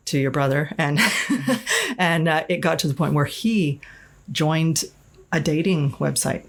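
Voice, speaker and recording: A woman's voice: low voice, lively intonation, measured pace. A woman from Arizona, a podcast guest, telling a personal story in a candid, frank way, with many restarts and some swearing. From Arizona, USA. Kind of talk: casual storytelling interview.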